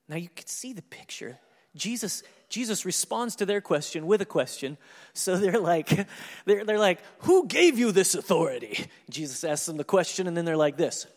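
A man preaching a sermon, walking through a scripture passage and acting out the characters' lines in an animated way. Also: high voice, in a large hall. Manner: animated, acts out scripture dialogue with laughs. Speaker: pastor.

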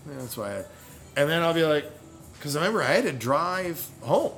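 A man's voice: a little high, a little fast, faint music behind. A middle-aged man telling a long, rambling story in casual chat, laughing often and correcting himself as he goes. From United States. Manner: rambling and animated, self-correcting, laughs a lot.

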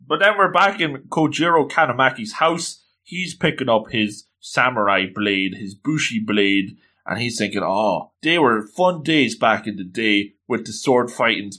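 A young man excitedly recapping a story, jumping to sudden high exclamations and reading characters' lines in quick asides. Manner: animated, swings pitch up for exclamations, voices characters in quotes. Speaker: manga recap narrator.

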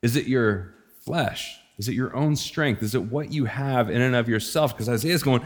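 A man's voice: mid-range voice, moderate pace, few pauses. A middle-aged man preaching a sermon in a loose, conversational way, slipping into slang and chuckling at his own asides. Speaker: pastor.

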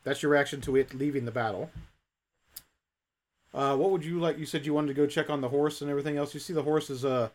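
A man's voice: on the high side, steady tone, quick pace. A man narrating a tabletop role-playing game as game master, rambling with fillers and restarts.

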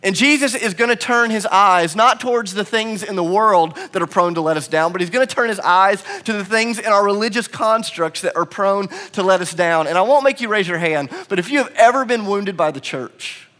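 Pastor, male, 30s, slightly high voice, self-mocking storyteller preaching to a congregation. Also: a little fast, few pauses, bright, forceful tone. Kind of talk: sermon. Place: church hall.

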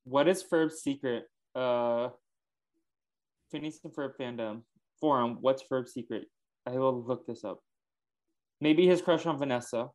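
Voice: mid-range voice, measured pace, pauses often, darkish tone. Quippy co-host in casual chat. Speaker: podcast co-host.

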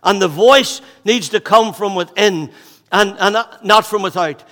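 A man's voice: high-pitched, unhurried, long reverb tail. Fervent man in his sixties preaching. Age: 60s. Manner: fervent, repeats phrases, swings from loud exhortation to hushed intensity. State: out of breath. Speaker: pastor. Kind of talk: sermon. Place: church hall.

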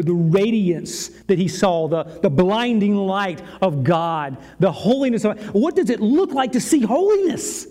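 A male pastor giving a sermon, retelling a scene dramatically with long pauses and repetition. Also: sits high, warm tone.

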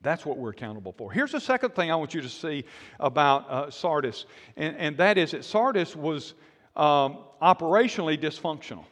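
Guy preaching in a big echoey church, higher voice, acts out the quotes, lively storytelling. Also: fairly quick. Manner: animated storytelling with acted-out quotes. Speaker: pastor. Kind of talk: sermon.

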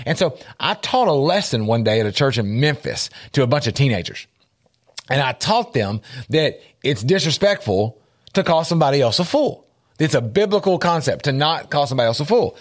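A man teaching a Bible lesson on a talk show, earnest and repeating his points for emphasis. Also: medium pitch.

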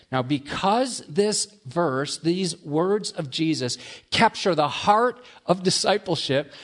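A man preaching a sermon, mixing quick asides with slow, emphatic lines. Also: on the high side, a bit bright. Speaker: pastor.

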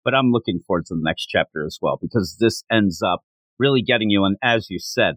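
A man's voice: fairly low pitch, brisk, fairly bright tone, no echo. A man hosting a casual manga podcast, rambling and joking, often restarting his sentences. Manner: rambling, self-interrupting, joking. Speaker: podcast host.

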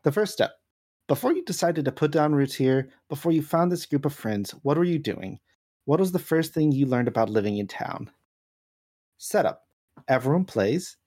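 A man running a tabletop game, briskly reading out the rules and joking with the players. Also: fairly high pitch, expressive, mellow, breathy edge. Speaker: game master.

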